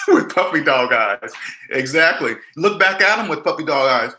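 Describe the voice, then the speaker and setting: An emphatic man talks through money advice in a loose, chatty way, hammering his points home. His voice is bright and sits a little high. The room around him sounds echoey. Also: expressive, a little slow. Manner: emphatic, blunt, repeats himself, acts out quoted people. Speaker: debt advice vlogger. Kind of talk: casual live-stream advice talk.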